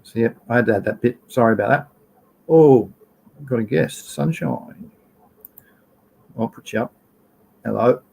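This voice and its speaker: An Australian man hosting a live stream in a loose, chatty way. He is blunt and profane, and he rants openly at his viewers. His voice sits at an ordinary middle pitch for a man. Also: unhurried, gravelly, pauses often, darkish tone, husky, poor audio. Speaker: livestream host. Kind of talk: casual live stream chat.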